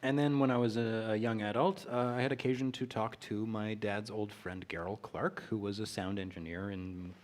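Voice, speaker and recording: A man's voice: fairly low pitch, steady tone, normal speed, few pauses, slight background noise. A man co-hosting a casual chat show, reminiscing and joking. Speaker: co-host.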